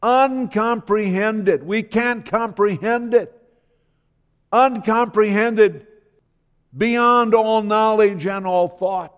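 A man preaching a slow, dramatic sermon as pastor, quoting scripture and hymns. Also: sits high, in a large hall.

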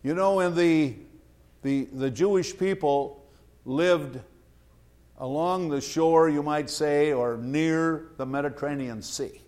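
A man preaching a sermon, slow and emphatic, repeating his key phrases. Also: on the high side, darkish tone.

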